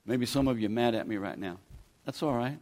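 A man's voice: medium pitch, fairly quick, darkish tone. A man, preaching a sermon in a folksy, pleading, conversational way as a guest preacher. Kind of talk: sermon with altar call.

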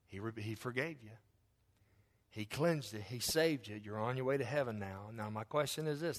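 In a church sanctuary, a male pastor with an ordinary middle-pitched voice preaches a fervent sermon. He drives his points home by repeating phrases in a steady rhythm.

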